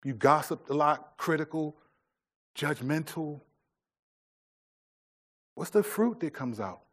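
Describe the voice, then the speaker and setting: A man's voice: on the high side, lively intonation, takes it slowly, a bit bright. A middle-aged man preaching a sermon in a loose, conversational way, with many restarts and fillers. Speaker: pastor.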